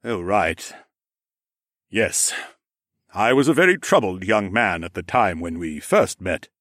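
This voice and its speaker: A man's voice: low-pitched, expressive, takes it slowly, fairly bright tone, no echo, clean studio sound, exaggerated voice. A man voicing a jovial, knowing older ram lord with horns, who speaks in a teasing, slightly formal way. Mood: amused.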